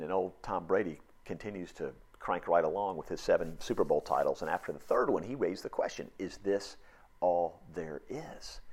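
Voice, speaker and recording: A man preaching a sermon, emphatic and repetitive, sometimes dropping to a hushed near-whisper. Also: low voice, vocal fry, husky. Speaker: pastor.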